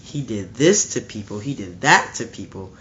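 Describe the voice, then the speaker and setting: A man's voice: on the low side, sing-song, normal speed, sharp tone, a little hiss or hum. A man delivering a blunt, fervent preaching monologue, repeating and restarting phrases as he builds his point. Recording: slightly muffled lo-fi recording.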